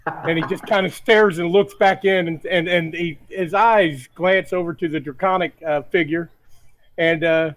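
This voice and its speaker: A man playing a tabletop role-playing game, describing his character's actions in a relaxed, stumbling way. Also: fairly high pitch, normal speed. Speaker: player.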